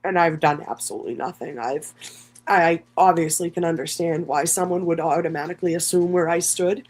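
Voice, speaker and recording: Streamer voice, candid and emotional, rambling with lots of swearing; ordinary middle pitch. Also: normal speed. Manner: many fillers and restarts. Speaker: content creator. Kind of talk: livestream monologue.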